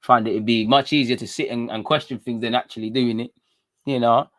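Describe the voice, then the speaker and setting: A man with a British accent hosts a casual livestream, chatting to viewers in relaxed street slang. He is animated and chatty as he answers comments. His voice sits at an everyday middle pitch. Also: a little fast. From England. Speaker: livestream host.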